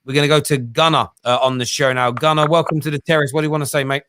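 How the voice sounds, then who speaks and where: A man's voice: on the high side, fairly even intonation, very fast, a bit bright, smooth, no room sound, clean studio sound. A man hosting a fan phone-in show, talking in a conversational way with frequent restarts. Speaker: host.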